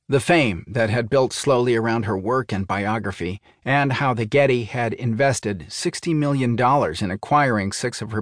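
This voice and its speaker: Guy reading a first-person thriller audiobook, steady even delivery, dry studio mic, nothing in the room. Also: medium pitch, dry recording. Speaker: audiobook narrator.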